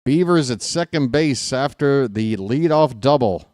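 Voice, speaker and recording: A man's voice: mid-range voice, animated, unhurried, darkish tone, no room sound, studio quality. A man doing live fan play-by-play of a baseball game, chatty and joking, openly rooting for his team.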